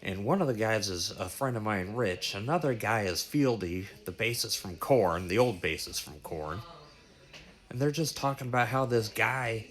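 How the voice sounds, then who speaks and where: A man with a lowish voice recounts a bizarre dream in loose, casual storytelling. He stumbles and restarts, swears freely and keeps an animated, breathless drive. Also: moderate pace. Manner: animated, profane, breathless retelling.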